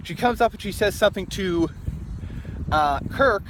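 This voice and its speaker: A man with a slightly raised pitch rambles through a casual opinion vlog in a loose, opinionated way and chuckles now and then. He is outdoors on a city street, with faint traffic noise behind him. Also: expressive, normal speed, fairly bright tone. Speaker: vlogger.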